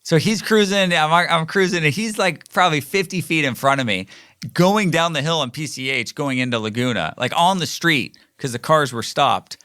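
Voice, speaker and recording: A middle-aged man, hosting a podcast and telling a rambling, animated story with lots of fillers and restarts. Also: on the high side, moderate pace, clear, resonant tone, dry recording, clean studio sound. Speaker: podcast host. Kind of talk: casual storytelling monologue.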